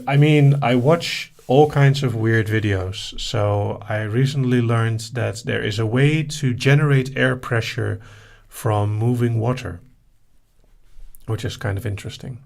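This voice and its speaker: A man hosting a live session, reading listener questions aloud and answering them in a relaxed, casual way. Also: medium pitch, vocal fry. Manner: relaxed, reads out questions then answers briefly.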